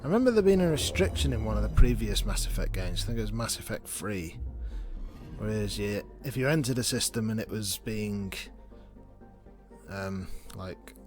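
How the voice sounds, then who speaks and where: Male gameplay host: chatty, wry, animated delivery over soft game music. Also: on the low side, moderate pace. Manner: chatty, sarcastic, reads game text aloud. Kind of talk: casual gameplay commentary.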